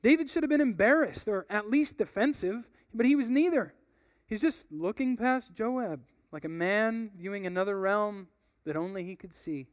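A young man preaches conversationally, telling a story and reading from a book, using fillers like "like" and "you know." His voice sits high with a clear, resonant tone, recorded without echo in clean studio sound.

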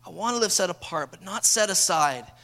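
A young man, preaching a lively sermon as a pastor and acting out stories. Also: high-pitched, fairly quick. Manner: energetic storytelling preacher, acts out dialogue.

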